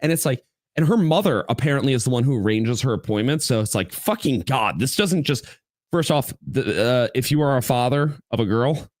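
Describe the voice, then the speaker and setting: A man's voice: medium pitch, lively intonation, darkish tone, no room sound. A man co-hosting a podcast in casual chat, blunt and profane, talking into a headset. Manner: blunt and profane, quick asides. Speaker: podcast co-host.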